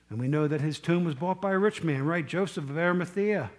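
A male preacher delivers a sermon in a fairly high voice. He reads scripture with rising force, then drops low for quiet asides. He keeps putting questions straight to his listeners. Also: brisk. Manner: animated, swings between loud scripture reading and quiet asides; asks the congregation questions directly.

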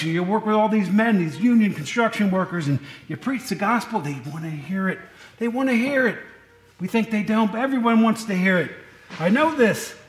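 A man's voice: high-pitched, a bit bright, echoey room. A man preaching a conversational sermon, folksy and digressive, often correcting himself mid-sentence, in a church.

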